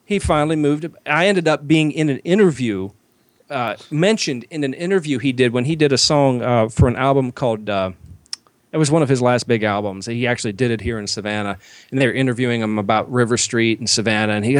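A man's voice: medium pitch, brisk, no room sound. A man co-hosting a casual podcast, telling long rambling anecdotes and acting out the people in them. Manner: rambling anecdotes, acts out quoted voices loudly. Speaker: podcast co-host. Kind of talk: casual storytelling chat.

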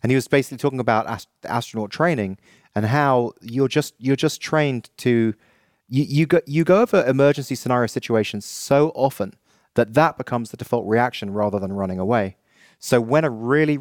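A man co-hosting a podcast who talks in a relaxed, thoughtful way during casual conversation. His voice has a medium pitch and a dry, close sound. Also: fairly quick, no echo. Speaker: podcast co-host. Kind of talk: casual chat.

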